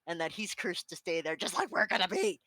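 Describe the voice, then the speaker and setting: Bright, playful woman player, dry sound. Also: lowish voice, brisk, no echo. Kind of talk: casual tabletop play.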